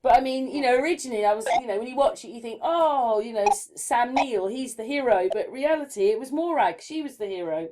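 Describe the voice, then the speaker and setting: Mellow-voiced chatty woman. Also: a little high, lively intonation, fairly quick, few pauses. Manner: chatty, rambling, laughs easily. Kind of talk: casual conversation.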